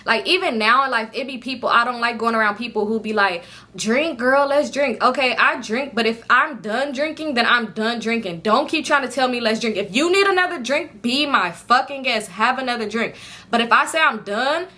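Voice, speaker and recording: Bright-voiced young woman telling a story. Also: a little high, a little fast. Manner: animated, acts out friends' lines with profanity. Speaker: storytime vlogger. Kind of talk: casual storytelling to viewers.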